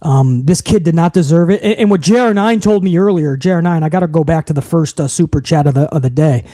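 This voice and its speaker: On a live wrestling podcast stream, a young man with a high, warm voice talks fast, ranting with heat and plenty of profanity. Between outbursts he reads out viewer messages, recorded very dry and close on a desk mic with no echo.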